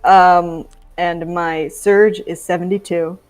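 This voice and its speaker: A woman's voice: lowish voice, steady tone, slow pace, a little mellow, soft background music, rough recording. A woman playing a tabletop game, hesitant and thinking aloud with many fillers. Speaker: player.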